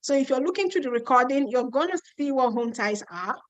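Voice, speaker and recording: A woman's voice: high-pitched, lively intonation, a little fast, no echo, lo-fi sound. A Nigerian woman with a Yoruba accent hosting a live Q&A webinar from Ontario. She reads out viewer questions and answers them in a chatty, emphatic way, repeating her points. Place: home in Ontario.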